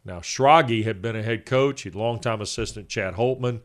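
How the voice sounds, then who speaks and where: A man in his fifties co-hosting a sports talk show. His voice sits a little low, and he works through his points one by one in a measured way. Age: 50s. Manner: measured, lays out points in order. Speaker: sports radio co-host.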